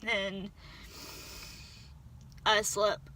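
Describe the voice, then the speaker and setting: A young woman vlogger telling a painful personal story, halting and restarting, on the verge of tears. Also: mid-range voice, flat delivery, bright, forceful tone, a little hiss or hum. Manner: halting, with many restarts and trailing pauses.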